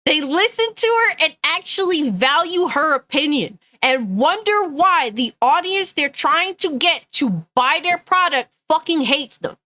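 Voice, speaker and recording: A woman's voice: sits high, expressive, unhurried, hardly any pauses, sharp tone, no room sound, studio quality. A woman gaming news streamer ranting angrily and bluntly, swearing often and reading chat comments aloud. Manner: angry, profane, blunt.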